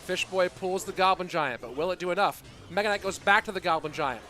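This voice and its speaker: Excitable male esports caster. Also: high voice, brisk, slight background noise. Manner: excitable play-by-play, chatty asides to viewers. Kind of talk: live game commentary with chat. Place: Austin, Texas.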